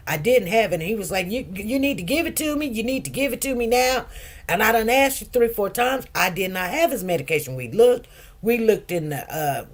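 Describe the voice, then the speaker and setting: A woman nurse chatting casually, telling stories emphatically with many restarts and asides. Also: medium pitch. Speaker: nurse, co-host. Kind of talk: casual chat.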